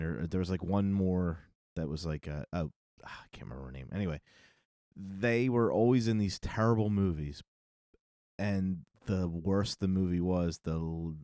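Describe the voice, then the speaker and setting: A man's voice: sits low, mellow, no room sound, clean studio sound. A man co-hosting a film podcast, talking in a laid-back way and often stumbling over his words. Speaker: podcast co-host. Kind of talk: casual film discussion.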